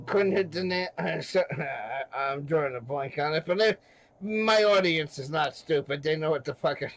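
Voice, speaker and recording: A man's voice: on the high side, measured pace, a bit bright, low-quality recording. A man in a rambling livestream chat, brash and often chuckling.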